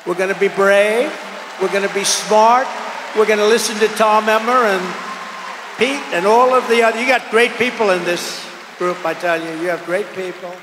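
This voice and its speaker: An older man giving a campaign rally speech, rambling and repetitive, swinging between loud declarations and low asides. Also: normal speed, crowd noise, background noise. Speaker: political candidate at a rally. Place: large outdoor or arena rally. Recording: echoey hall with long reverb.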